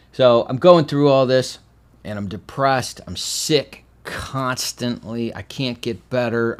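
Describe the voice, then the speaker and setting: A veteran tells his own life story in a wry, deadpan way, speaking in a mid-range voice. This is personal spoken testimony, and his delivery swings between loud, animated telling and quiet, heavy tones.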